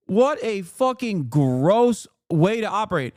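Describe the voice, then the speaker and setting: Streamer guy ranting, swears a lot, kinda high voice, dry close sound. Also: lively intonation, normal speed, no room sound. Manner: heated, profane, emphatic. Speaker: streamer reacting to a video. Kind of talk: live-stream reaction rant.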